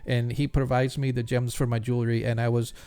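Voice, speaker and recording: A man's voice: medium pitch, level tone, a little fast, mellow, clean tone, lightly acted. A man voicing a nervous, stammering middle-aged male jeweler who is worried about a missing friend.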